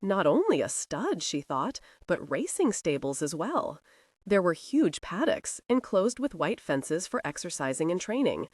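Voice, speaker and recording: A woman narrating a historical romance audiobook with expressive scripted storytelling. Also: lowish voice, a little slow, dry recording, studio quality.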